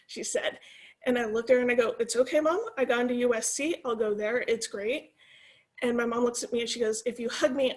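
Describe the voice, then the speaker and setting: A woman from California in her forties, giving a lively, encouraging talk to students over a video call. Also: fairly high pitch. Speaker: guest speaker. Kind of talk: presentation to students.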